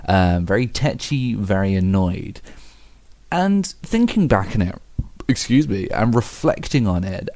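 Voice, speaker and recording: A man's voice: fairly low pitch, a little mellow, dry recording. Rambling, swearing vlogger man. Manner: rambling, self-mocking, swears freely, many restarts and fillers. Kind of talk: reflective casual monologue.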